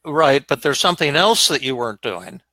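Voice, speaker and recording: An older man hosting a live Q&A as a psychiatrist, speaking gently with frequent repeated words. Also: mid-range voice, sing-song, fairly quick, no echo, poor audio. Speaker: psychiatrist host. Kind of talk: live Q&A chat.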